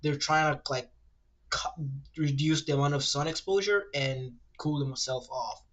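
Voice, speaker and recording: Male streamer, casual rambling rant, cusses a lot, fairly high voice, fillers everywhere. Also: fairly bright tone. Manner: rambling, ranty, swears freely, fillers like "low-key" and "like"; reads web search results aloud in a rushed mumble. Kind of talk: casual livestream chat while drawing.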